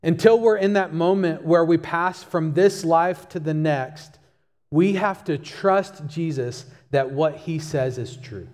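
A man's voice: on the high side, takes it slowly, a little mellow, long reverb tail. A male pastor preaching a sermon, emphatic and repeating key phrases for stress.

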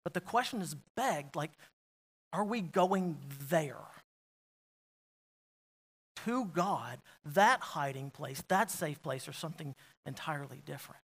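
A male pastor preaching a sermon, asking the congregation repeated questions and swinging between quiet, intimate asides and loud, emphatic declarations. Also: fairly high pitch, expressive, slow pace, long pauses, slightly rough.

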